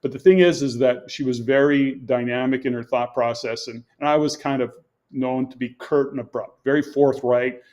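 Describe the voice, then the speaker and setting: A man's voice: medium pitch, steady tone, moderate pace, a little mellow. A man in his sixties, a guest on a podcast, telling stories earnestly and with emphasis as he explains his coaching. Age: 60s. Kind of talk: conversational interview.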